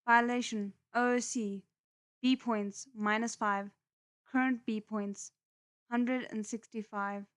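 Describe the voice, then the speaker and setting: A woman reading the lines of a strict system voice that announces rule violations and point deductions in a flat, announcing tone. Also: a little high, slow, dry recording, studio quality. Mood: stern. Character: stern rule-enforcing system voice, genderless machine.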